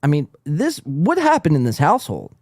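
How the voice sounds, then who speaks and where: A man hosting a podcast, reacting to a clip with crude, mocking sarcasm. His pitch swings up and down in an animated way. The sound is close and dry, with no room echo. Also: moderate pace. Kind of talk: commentary.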